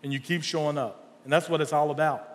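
Male pastor, high and bright, animated sermon delivery, long hall reverb. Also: quick pace. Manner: animated, rising to near shouts in stories. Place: large church hall.

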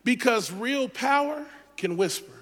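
A man preaching a sermon as a guest speaker, telling the story with lively humor and playful asides. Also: very high voice, measured pace, in a large hall.

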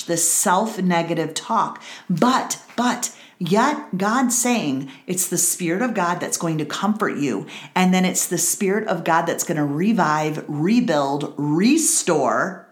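A woman's voice: lowish voice, expressive, measured pace, echoey room. A middle-aged woman hosting a Bible study, giving an earnest personal testimony and repeating phrases for emphasis.

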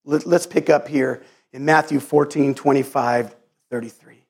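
A man pastor preaching a sermon in an earnest, halting way, often restarting and repeating words. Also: mid-range voice, fairly even intonation, creaky.

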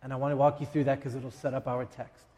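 A man preaching a sermon as a pastor, emphatic, with dramatic pauses and quick asides. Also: medium pitch, level tone, dark tone, in a large hall. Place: church sanctuary.

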